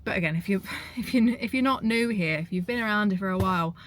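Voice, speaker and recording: A woman's voice: medium pitch, fairly quick, fairly bright tone. A young woman, a fitness coach, chatting casually and upbeat to her phone camera at the gym and at home. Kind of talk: casual vlog chat.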